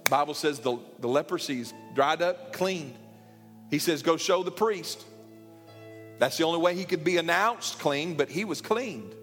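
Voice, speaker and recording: A man preaching to his church in a highish voice, pressing his points with repeated phrases. His words ring out with the long reverb of a large sanctuary. Soft instrumental music plays faintly beneath him. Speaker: pastor. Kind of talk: sermon.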